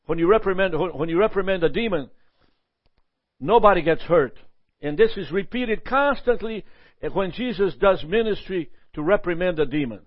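A man teaching a Bible lesson in a lively sermon style, often asking "Amen?" and chuckling. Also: high-pitched, dry recording, highs cut off.

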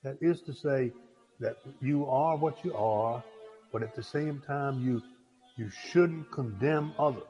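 A man preaching a sermon in a folksy, halting way, often restarting his words. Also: mid-range voice, warm tone, in a large hall, highs cut off, faint music behind.

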